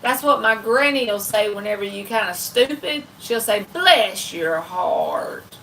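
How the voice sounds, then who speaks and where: A woman's voice: on the high side, normal speed, a bit bright, far from the mic, a little hiss or hum, low-quality recording. A woman from the American South with a Southern accent, hosting a casual late-night livestream and chatting folksily with her viewers. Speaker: livestream tarot reader host.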